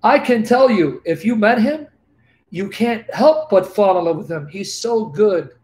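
Guy preaching as old apostle peter, high voice, all fervent and adoring, keeps repeating himself. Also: animated, a little slow, a little mellow. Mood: awed, loving. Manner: fervent, heartfelt, repeating lines for emphasis. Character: the apostle Peter, an older man, awed and adoring.

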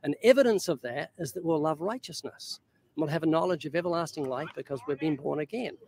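Brief: older New Zealand man, street evangelist, soft-spoken but preachy, slightly high voice. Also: fast talker. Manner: earnest, gently preachy, dry humor. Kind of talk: street conversation about faith.

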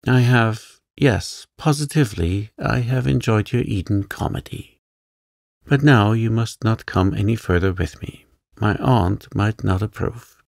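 A man's voice: fairly low pitch, a little slow, gravelly, no echo, clean studio sound. A man voicing a spirited young woman in a sleep story, poised and a little indignant.

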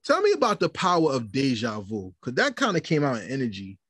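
A man's voice: mid-range voice, wildly swooping pitch, a little fast, a bit bright, slightly rough, no echo, studio quality. A man hosting a podcast interview, talking emphatically and repeating words as he frames his questions. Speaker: podcast host.

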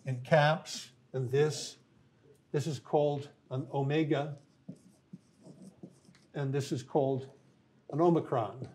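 An older man, a philosophy professor, giving a university lecture in a thoughtful, halting way with many pauses and restarts. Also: on the high side, darkish tone. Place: college classroom.

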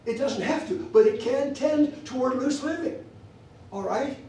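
A man's voice: very high-pitched, measured pace, warm tone. A man teaching a church theology class, emphatic and repeating phrases for stress, recorded in an echoey church room from far off.

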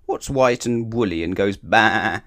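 A man's voice: deep voice, very animated, moderate pace, dry recording, clean studio sound. A man voicing a rude, smug male pig in a children's story, scoffing as he speaks.

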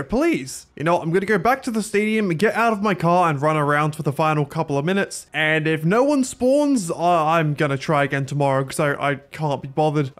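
A young Australian man in his twenties giving joking, self-deprecating, rambling commentary over his gameplay. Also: high-pitched. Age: 20s. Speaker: gaming YouTuber.

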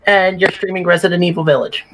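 Wry chatty woman, lower voice, guest on a stream chat. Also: fast, a crowd in the background. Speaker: guest player. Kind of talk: casual chat.

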